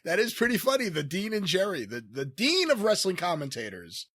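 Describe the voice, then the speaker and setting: A man hosting a comedy podcast, asking playful deadpan questions. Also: high voice, brisk, husky, no room sound, studio quality. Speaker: podcast host.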